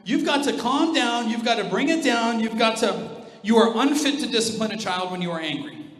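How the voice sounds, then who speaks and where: Man, pastor, sermon, high pitch, blunt and joking, echoey church hall. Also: a little fast, fairly bright tone. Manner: humorous, direct and emphatic. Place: church auditorium.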